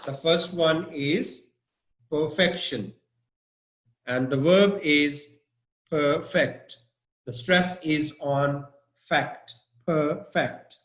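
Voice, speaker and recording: Slow, patient man teaching vocabulary. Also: a little high, fairly bright tone, roomy sound. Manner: slow, patient, spells words out letter by letter. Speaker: English teacher. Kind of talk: online vocabulary lesson.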